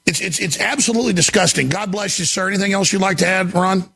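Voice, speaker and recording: Gravelly, intense male radio host. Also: sits high, quick pace, pushed and bright. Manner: intense, indignant and emphatic. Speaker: talk show host. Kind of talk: heated talk radio commentary.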